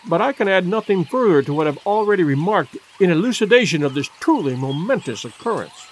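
A vague, dithering old professor from a storybook, as a man puts him on. He hums and repeats himself mildly, his voice wandering lively in pitch. A faint hiss sits under the reading. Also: fairly quick. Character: absent-minded fussy old male professor.

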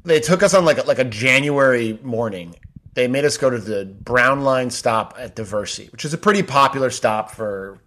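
A man in his forties spins a rambling, animated anecdote in his middle-pitched voice. He leans on "like" as he goes, chatting as a podcast guest. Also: normal speed. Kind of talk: casual storytelling.

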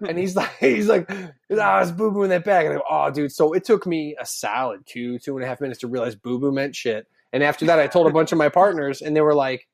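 Joking man with a high-pitched voice. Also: quick pace, hardly any pauses. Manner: crude, joking, shouts punchlines. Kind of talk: casual chat.

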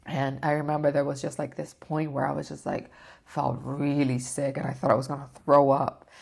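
A woman's voice: sits low, flat delivery, normal speed, gravelly, darkish tone, slightly rough. A woman vlogger telling a personal story in an emotional, rambling way, with lots of fillers and the odd swear.

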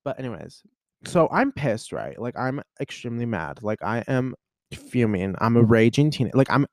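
Chatty rambling young man, lively voice. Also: normal speed, no echo, clean studio sound. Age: 20s. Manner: rambling and chatty, full of "like" and "you know" fillers; emotional and venting, with sudden jumps in pitch. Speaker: podcast host. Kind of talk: casual solo podcast monologue.

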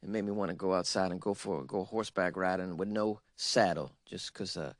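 A folksy old Southern man drawls on and rambles earnestly in a low, put-on Southern US accent, as a podcast host slips into the character. The voice sits deeper than the speaker's own. The sound is dry and close, with no room around it. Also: fairly even intonation, brisk, no room sound, lightly acted.

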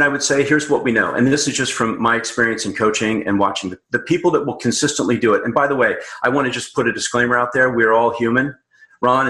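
Man, coach guest, quick, bright-toned, motivational, echoey room. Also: mid-range voice. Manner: upbeat and motivational, emphatic. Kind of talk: casual conversational interview.

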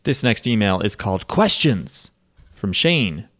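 A man's voice: fairly low pitch, sing-song, unhurried, a bit bright, no room sound, clean studio sound. A man co-hosting a casual podcast, joking around and reading listener emails aloud. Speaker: podcast co-host.

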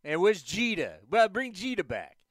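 A man voicing a brash sports radio caller from New York, with a New York accent and rapid-fire complaints. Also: high voice, sing-song, dry recording, studio quality. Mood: mocking.

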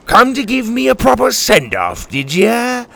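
A man voicing a cruel male pirate captain with a gruff, mocking drawl in a storybook. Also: on the low side, huge pitch swings, takes it slowly, pushed and bright, heavily acted.

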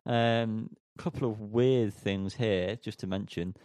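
A man's voice: fairly low pitch, fairly even intonation, slow pace, a little mellow, clear, resonant tone, dry recording. Male podcast co-host, casual and rambling, self-deprecating, dry close recording. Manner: rambling, self-mocking, lots of ums.

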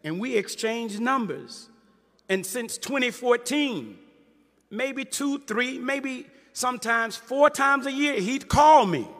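A man's voice: very high-pitched, expressive, slow, fairly bright tone, long reverb tail. A man, a Muslim minister, preaching to a live audience in an emphatic way and calling out to the crowd.

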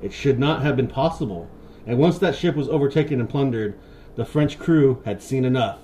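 A man's voice: mid-range voice, moderate pace, mellow, slight background noise. Casual man retelling pirate history. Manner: loose, profane retelling. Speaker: podcast host.

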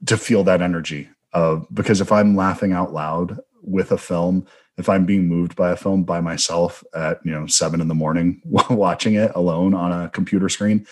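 Deep-voiced, reflective male interviewer. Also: steady tone, normal speed, darkish tone. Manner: thoughtful, rambling, reflective. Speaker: film interviewer, host. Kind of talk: conversational interview.

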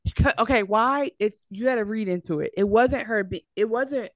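A woman's voice: a little high, normal speed, dry recording. Dry, fired-up woman podcast co-host. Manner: animated, argumentative, lots of fillers and restarts. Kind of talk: casual chat.

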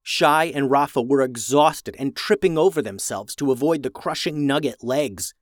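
A man reading a children's adventure story aloud, with lively voices for the characters. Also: mid-range voice, moderate pace, no room sound, clean studio sound. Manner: animated, raises voice for characters' lines.

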